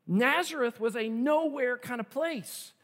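A male pastor preaching an animated sermon in a church. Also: very high-pitched, unhurried, big-room sound. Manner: animated, acts out quoted voices.

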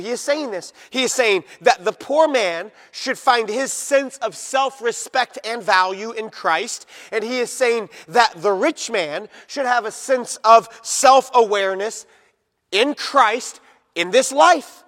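A man preaching a sermon in a fairly high voice, addressing his listeners directly. He hammers his points with emphasis, then slows down and drops to a near hush. His voice rings out with a long reverb, as in a large hall. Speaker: pastor.

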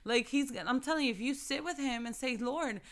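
A woman's voice: high voice, a little fast. A woman giving a casual faith devotional talk, fervent and emphatic, repeating phrases for emphasis.

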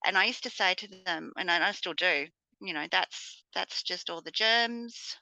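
Mum co-host, bright gravelly voice, dry close sound, halting delivery. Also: female voice, lowish voice, no echo, rough recording. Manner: hesitant, restarts, many "um"s. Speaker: podcast co-host, mother. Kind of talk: casual wellness chat.

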